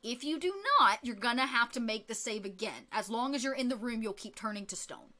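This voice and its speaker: A woman's voice: a little high, a little fast, bright, forceful tone. A woman narrating as game master in a casual tabletop game, chatty with many fillers.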